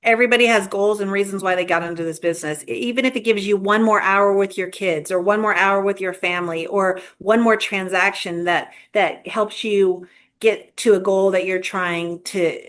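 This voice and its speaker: A woman's voice: medium pitch, steady tone, moderate pace, fairly bright tone. A woman guest in a conversational interview, telling stories earnestly with frequent restarts. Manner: earnest, storytelling with repeated starts. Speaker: guest, real estate agent leader.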